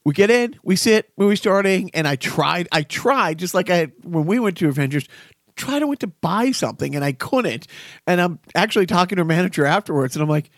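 A man's voice: high-pitched, expressive, fairly quick, dry recording, clean studio sound. A man in his fifties hosting a casual chat, telling rambling stories and laughing often. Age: 50s. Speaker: podcast host.

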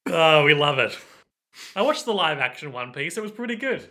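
A man co-hosting a podcast, narrating a story recap in a wry, deadpan casual manner. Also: on the high side, moderate pace. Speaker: podcast co-host.

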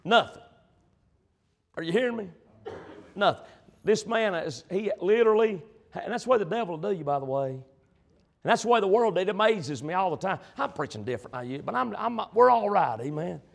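A male preacher delivering a sermon, emphatic and swinging between loud passages and hushed ones. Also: high voice, lively intonation, a little fast, gravelly.

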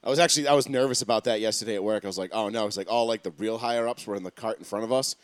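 A man's voice: lowish voice, very fast, no echo. A young adult man co-hosting a casual sports radio talk show, loose and joking, swearing freely.

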